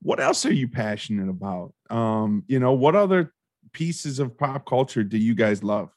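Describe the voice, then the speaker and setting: A man's voice: mid-range voice, moderate pace, dry recording. Playful guy interviewing guests on a podcast, mid voice, dry sound. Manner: playful, animated.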